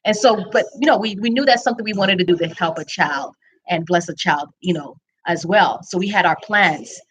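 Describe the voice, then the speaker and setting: Woman, personal testimony, candid and reflective, lowish voice, loose unscripted delivery. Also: brisk, a bit bright, slight background noise, poor audio. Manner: candid, reflective, frequent ums and restarts. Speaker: speaker sharing her story. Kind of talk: personal testimony, casual storytelling.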